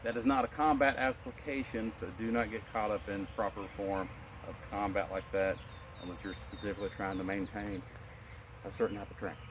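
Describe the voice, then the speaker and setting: A male martial arts instructor leading a qigong class, calmly cueing each breath in and out and explaining the moves in a relaxed way. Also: on the low side, a little fast, noisy background.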